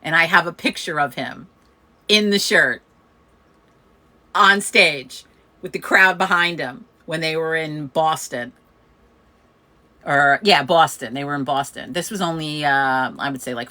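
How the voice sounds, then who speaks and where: A woman's voice: fairly low pitch, takes it slowly, long pauses. A woman, chatting casually as host and telling a story, laughing often and acting out the people she quotes. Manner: chatty, laughs often, animated quoting of others. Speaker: host of a community coffee chat.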